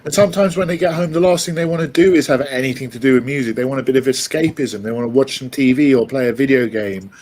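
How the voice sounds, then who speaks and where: A man's voice: mid-range voice, steady tone, fast talker, few pauses, a little mellow. A man on a casual panel chat sharing stories about people he has met.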